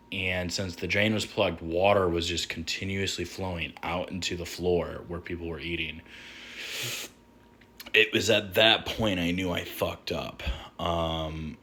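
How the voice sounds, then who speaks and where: Young male storyteller, low bright voice, rambling and profane, casual. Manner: rambling, profane, lots of fillers.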